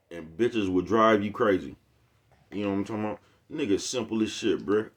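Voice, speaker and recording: A man hosting his own video channel, talking to his viewers in a loose, rambling monologue full of slang and swearing, chuckling often and coming back again and again to the same catchphrase. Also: fairly low pitch. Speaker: YouTube host.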